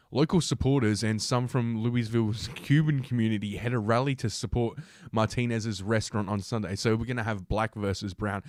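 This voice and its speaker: Reading the news on his livestream, a young man tears into it with sarcastic, combative, swear-filled commentary. The sound is clean studio quality with no room sound, and his voice sits lowish.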